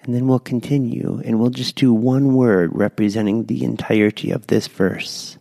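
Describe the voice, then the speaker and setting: A man guiding listeners through a slow, gentle breath prayer. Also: mid-range voice, steady tone, creaky, no room sound. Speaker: prayer leader.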